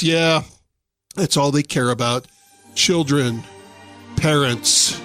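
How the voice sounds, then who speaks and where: A man's voice: fairly high pitch, slow pace, pauses often, a bit bright, faint music behind. A man hosting a radio talk show, delivering a sarcastic, indignant political commentary monologue into a studio microphone.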